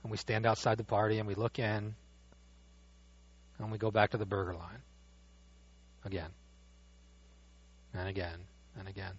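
A man preaching a sermon as pastor, animated, dropping to a hush and rising loud as he acts out the father's words. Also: fairly low pitch, normal speed, pauses often, husky. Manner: animated, swings from hushed to loud when quoting the father. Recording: dull dry lo-fi sound.

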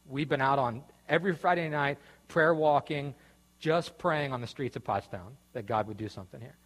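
A man, a pastor, telling a long personal story in a loose, rambling way, full of fillers and restarts. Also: fairly high pitch. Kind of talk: storytelling sermon talk. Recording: reverberant hall.

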